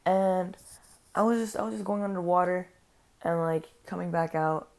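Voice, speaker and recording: A woman's voice: on the low side, fairly even intonation, moderate pace, darkish tone. Foul-mouthed, incredulous woman telling a story. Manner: profane, incredulous, rambling storytelling. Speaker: vlogger. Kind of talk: casual story time.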